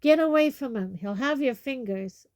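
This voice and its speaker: A woman voicing a huge, gruff male gamekeeper who talks loudly and growls. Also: mid-range voice, unhurried, dry recording, studio quality, natural voice. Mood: shouting. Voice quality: loud, growling.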